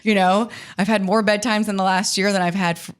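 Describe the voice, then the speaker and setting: A woman's voice: medium pitch, steady tone, fairly quick, clear, resonant tone. A woman in her thirties co-hosting a podcast, chatting candidly about her kids and laughing as she swears. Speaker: podcast co-host. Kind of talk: casual chat.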